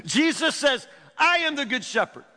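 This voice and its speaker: A male pastor preaching a sermon in a folksy way, repeating words and dropping to a low hush for scripture. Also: very animated, moderate pace. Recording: long reverb of a church hall.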